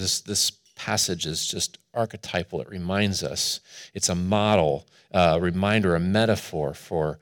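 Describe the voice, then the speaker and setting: A man preaching a sermon as pastor, telling a personal story in an earnest way, swelling louder and then dropping to a hush. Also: sits low, a little slow.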